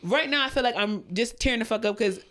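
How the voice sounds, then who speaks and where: A woman's voice: a little high, quick pace, a bit bright. A young adult woman co-hosting a podcast in casual chat. She swears freely and talks in long, heartfelt runs, close to tears. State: emotional, near tears. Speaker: podcast co-host.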